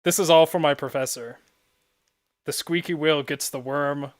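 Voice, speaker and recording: A man's voice: on the high side, normal speed, dry recording, studio quality. A young man streaming and chatting casually while gaming, rambling and often laughing at his own stories.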